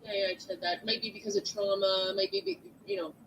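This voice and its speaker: Loud, lively woman teaching. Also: mid-range voice, quick pace, slight background noise, rough recording. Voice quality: big loud voice. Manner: chatty, animated, asks "right?" often. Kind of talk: online lecture to students. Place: at home at a computer. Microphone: computer mic.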